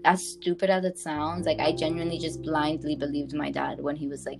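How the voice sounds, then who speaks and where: Lower-voiced young woman telling a story. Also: a little fast, creaky, few pauses, music in the background. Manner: animated, addresses listener as "girl", many fillers. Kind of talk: casual chat, personal storytelling.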